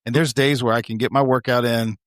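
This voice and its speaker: A male co-host talking in a loose, profane, easygoing way, with a medium-pitched voice. He laughs often as he riffs. The sound is dry and close, with no room echo. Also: fairly even intonation, fairly quick. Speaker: podcast co-host; law enforcement officer. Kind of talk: casual barbershop chat.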